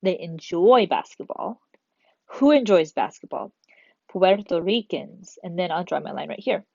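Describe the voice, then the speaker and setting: A woman's voice: on the low side, expressive, unhurried, gravelly, warm tone, no room sound, lo-fi sound. A woman teaching a recorded grammar lesson to third graders, chatty, asking and answering her own questions.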